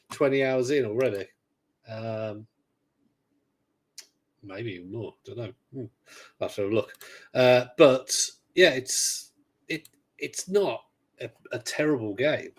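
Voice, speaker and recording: A man's voice: medium pitch, unhurried, pauses often. Rambling man chatting on a podcast. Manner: rambling, hesitant, many fillers and restarts; dryly sarcastic. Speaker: podcast host. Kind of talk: casual podcast chat.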